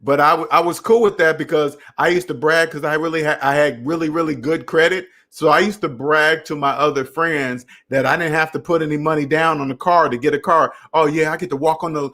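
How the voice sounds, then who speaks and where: A man's voice: a little high, fairly even intonation, fairly quick, few pauses, pushed and bright. A young adult man hosting a casual personal finance live stream, talking straight to viewers and repeating phrases for emphasis.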